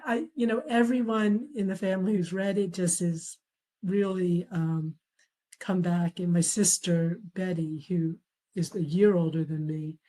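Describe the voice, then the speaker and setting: Middle-aged woman author, mellow and unhurried, storytelling guest who laughs easily. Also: mid-range voice, poor audio. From raised in a traditional Chinese family. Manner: warm storytelling, quotes family members, laughs often. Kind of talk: conversational interview.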